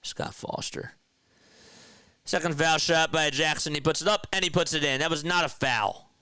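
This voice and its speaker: A man's voice: a little high, steady tone, moderate pace, sharp tone, smooth, no echo. A man doing a homemade play-by-play call of a basketball game as a partisan fan, frustrated and exasperated with his team, recorded at home on a streaming mic. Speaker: amateur play-by-play caller. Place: home room.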